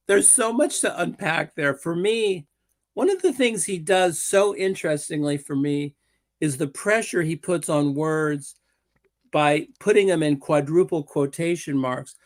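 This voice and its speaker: A man's voice: on the high side, lively intonation, measured pace. A man on a panel, theorizing in a musing, amused way. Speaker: political commentator on a panel. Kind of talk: analytical panel talk.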